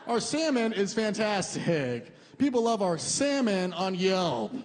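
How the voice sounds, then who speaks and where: An unflappable male waiter answers with measured, pointed politeness as a stand-up comic acts him out. His voice sits high and carries a long, reverberant tail from the club room. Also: big pitch swings, heavily acted.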